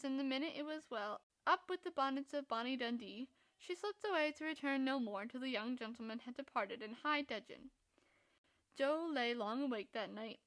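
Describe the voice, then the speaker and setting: A woman narrating a classic novel for a podcast in a steady, measured reading. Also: sits high, dry recording. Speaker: podcast reader.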